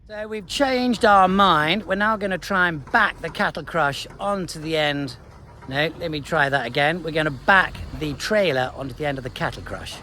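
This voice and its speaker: A man's voice: normal speed, sharp tone. Chatty farmer calling his cattle. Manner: chatty, coaxing cattle with high calls. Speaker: farmer vlogger. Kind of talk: casual farm vlog narration. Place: outdoors on a farm and at a livestock market.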